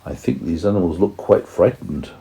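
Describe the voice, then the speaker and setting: A man's voice: low-pitched, normal speed, creaky, mellow. A man reading a children's story aloud to his young child, patiently stopping to explain words.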